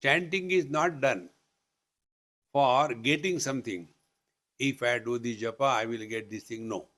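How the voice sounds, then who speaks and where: In a retreat hall, a man with an Indian English accent gives a live spiritual discourse, teaching playfully with teasing asides and chanting. His voice is mid-range and a bit bright, and his pace is measured.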